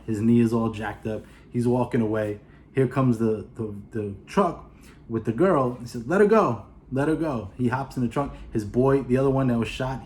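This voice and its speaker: New york guy recapping a movie, jumps into character voices, bit of hiss behind him. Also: medium pitch. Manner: animated, acts out characters' lines. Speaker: movie reviewer. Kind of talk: casual plot retelling.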